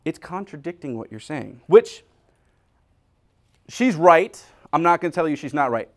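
A man's voice: on the high side, moderate pace. A middle-aged man preaching a humorous sermon, joking and acting out little scenes. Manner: animated, jokey, acts out little scenes. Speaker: pastor.

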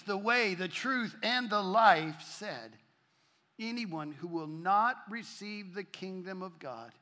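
A man's voice: high voice, sharp tone. A man preaching a sermon to a congregation, building emphasis through repeated phrases and scripture readings. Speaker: pastor. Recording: long hall reverb.

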